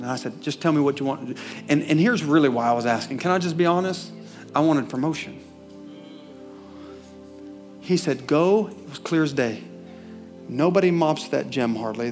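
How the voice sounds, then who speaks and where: Fervent male preacher, soft music behind. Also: on the high side. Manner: storytelling, building to loud fervent peaks. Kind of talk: sermon.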